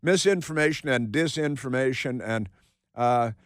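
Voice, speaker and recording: A man with a mid-range voice and a clear, resonant tone speaks at normal speed on a studio microphone with no room sound. He hosts a talk radio show from a studio, giving a mocking, sarcastic monologue. He repeats himself a lot and throws in asides.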